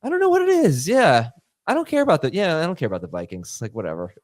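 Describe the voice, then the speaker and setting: Animated male fantasy football host. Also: on the high side, fast, no echo. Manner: animated, laughing, self-mocking. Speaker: podcast host. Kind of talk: casual sports chat.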